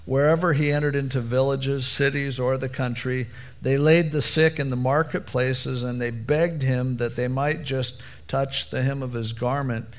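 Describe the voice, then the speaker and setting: Male preacher, conversational sermon, casual, animated, acts out quotes, mid pitch. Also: normal speed.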